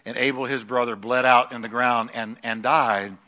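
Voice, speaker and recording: A middle-aged man preaching a sermon in a church, swinging from loud declarations to hushed lines. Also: mid-range voice, fairly even intonation, normal speed. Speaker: pastor. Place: church sanctuary. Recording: long hall reverb.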